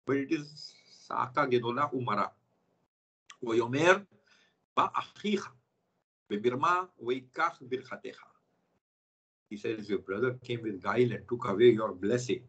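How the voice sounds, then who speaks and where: A man's voice: medium pitch, normal speed, long pauses, a bit bright, slightly rough, dull audio. A man teaching a scripture class over a video call, explaining step by step and checking in with his students.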